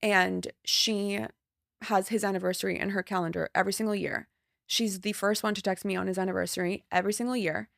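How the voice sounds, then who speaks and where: A woman's voice: medium pitch, fairly even intonation, gravelly, fairly bright tone, no echo, studio quality. A woman in her thirties hosting a podcast, talking in a heartfelt, emotional way about friends and loss. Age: 30s. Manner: emotional, heartfelt, quick to tears. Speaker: podcast host. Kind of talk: casual chat.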